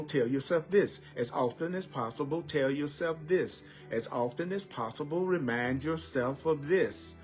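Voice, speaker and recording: A man giving a spiritual teaching talk as a teacher, slowly and deliberately repeating affirmations. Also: fairly high pitch. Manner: slow, deliberate repetition of affirmations.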